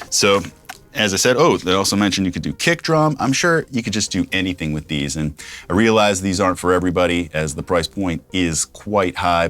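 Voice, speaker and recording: A man's voice: low-pitched, fairly bright tone. A man hosting a casual microphone review in his home studio, repeating test phrases as he checks his levels. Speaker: YouTube host reviewing microphones. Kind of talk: casual gear review with mic tests. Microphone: studio condenser microphone.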